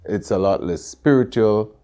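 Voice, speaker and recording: A middle-aged man with a Jamaican accent, telling stories in a relaxed interview with many fillers and restarts. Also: on the low side, a little slow. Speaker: interview guest, Caribbean store owner. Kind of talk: casual conversational interview.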